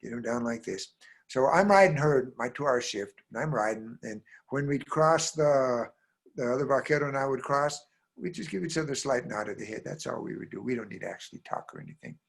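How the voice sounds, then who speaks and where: A husky-voiced man tells a story aloud to a live audience. He drops to a hush, then bursts out loud, and keeps checking in with his listeners. His pitch sits in the middle for a man. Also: lively intonation, brisk. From American Southwest. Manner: dramatic, swings from hushed to loud; talks straight to listeners with frequent "right?". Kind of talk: oral storytelling performance.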